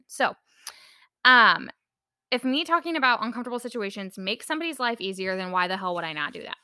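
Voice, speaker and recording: A young woman hosts a casual personal podcast, her voice bright and edged with vocal fry. She talks candidly and chattily, leaning on fillers and the odd swear word. The sound is close and dry, with no room around it. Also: mid-range voice, lively intonation, fast, no room sound. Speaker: podcast host.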